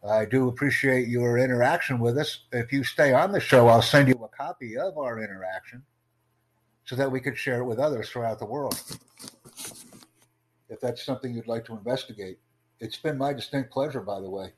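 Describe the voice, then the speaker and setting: Calm, smooth-talking male streamer. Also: medium pitch, fairly quick, low-quality recording. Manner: calm, smooth, promotional, unbothered. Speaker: streamer recording a voice chat. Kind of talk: casual live-stream chat.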